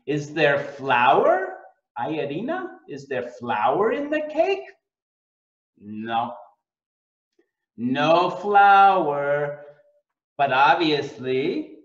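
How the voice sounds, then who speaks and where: A man with a fairly high, lively voice teaches a cooking lesson, drawing his words out very slowly and repeating each one for learners. The sound is echoey and a little dull. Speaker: English teacher.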